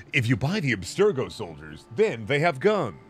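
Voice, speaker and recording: A man's voice: medium pitch, wildly swooping pitch, measured pace, soft background music. Playful, profane male game streamer. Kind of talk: casual gameplay commentary.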